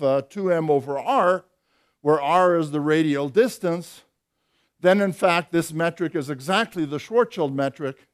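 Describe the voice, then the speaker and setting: A man's voice: on the high side, a little mellow. An older man giving an academic physics lecture, explaining step by step with dry, wry humour and occasional hesitant fillers.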